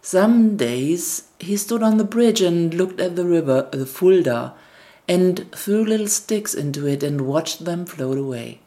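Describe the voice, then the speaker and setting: Low-voiced woman reading a fairy tale. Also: lively intonation, measured pace. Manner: gentle storybook reading with quoted family dialogue. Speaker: storyteller. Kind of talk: scripted fairy tale narration.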